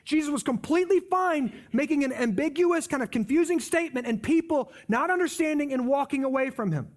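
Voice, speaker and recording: A man's voice: extremely high pitch, expressive, fairly quick, hardly any pauses. A man preaching a sermon, explaining scripture in an emphatic, conversational way. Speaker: pastor.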